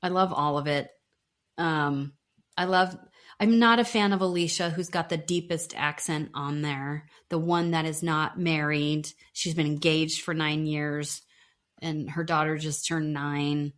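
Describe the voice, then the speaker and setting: Podcast lady w a lowish voice, gossiping about reality tv, laughs a lot. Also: steady tone, a little slow. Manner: chatty, laughs often, trails off and restarts. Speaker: podcast co-host. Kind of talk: casual chat about reality TV.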